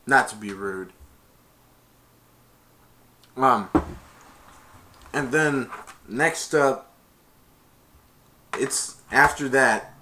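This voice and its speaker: A man's voice: medium pitch, drawn-out words, pauses often, bright, forceful tone. A man casually retelling a movie plot, rambling, laughing and acting out the quotes. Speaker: movie reviewer.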